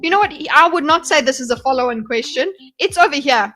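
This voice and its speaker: A South African woman talks through a livestream in a loose, rambling way, often swearing and breaking into laughter. Her voice sits a little high. Faint music plays softly behind her. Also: animated, brisk. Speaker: livestream commentator. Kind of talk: casual livestream commentary. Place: home streaming setup.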